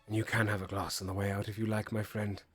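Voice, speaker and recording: A man voicing a smug, wealthy male lord who speaks softly and languidly in a tabletop game. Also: fairly low pitch, level tone, fast talker, faint music behind, close to an everyday voice.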